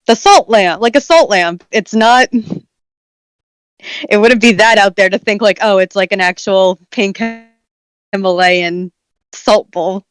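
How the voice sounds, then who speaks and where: A woman's voice: medium pitch, measured pace, pauses often, clean tone, dry recording, poor audio. A woman chatting casually with friends, blunt and sarcastic, swearing freely. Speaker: friend on a group call. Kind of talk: casual chat.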